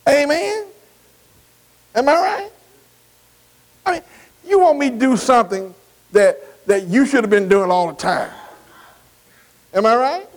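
A man's voice: very high-pitched, expressive, measured pace, pauses often, rough recording. A man preaching a sermon, folksy and emphatic, often asking the congregation whether they agree. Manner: emphatic preaching with call-and-response questions. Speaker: pastor.

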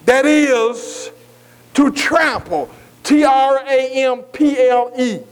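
Man, preacher, very high voice, sermon, spells words letter by letter, call-and-response questions. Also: slow, poor audio. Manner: asks the congregation "am I right?" again and again.

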